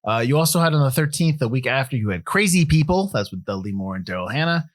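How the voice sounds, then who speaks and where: A man's voice: medium pitch, animated, fast talker, no echo, studio quality. A man co-hosting a casual film podcast, joking and laughing as he runs through release dates and box office figures. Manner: jokey, laughs often, reads release facts. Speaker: podcast co-host.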